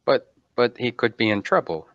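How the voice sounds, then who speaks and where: A man's voice: mid-range voice, expressive, moderate pace, fairly bright tone, no room sound, highs cut off. A man playing in a tabletop game, speaking hesitantly and cutting in. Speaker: player.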